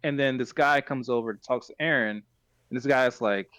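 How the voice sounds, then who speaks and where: A man's voice: mid-range voice, moderate pace, fairly bright tone, dry recording. Rambling male podcast host. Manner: rambling, self-correcting retelling. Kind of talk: casual plot recap chat.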